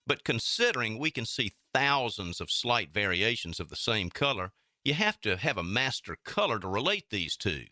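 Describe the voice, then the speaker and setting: A man's voice: fairly low pitch, bright, forceful tone, no echo, clean studio sound. A man, a jeweler, explaining diamond grading in a scripted radio advertisement. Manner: explanatory, assured.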